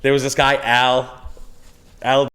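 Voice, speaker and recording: A man's voice: mid-range voice, level tone, takes it slowly, a bit bright, clean tone. A man in his thirties, a streamer, telling crude, rambling comedic stories in casual chat. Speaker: streamer and host.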